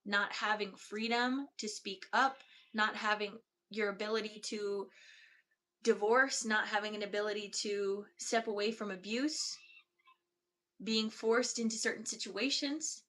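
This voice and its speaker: A woman energy healer giving a slow, soft-spoken, meditative channeled reading. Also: medium pitch, fairly even intonation.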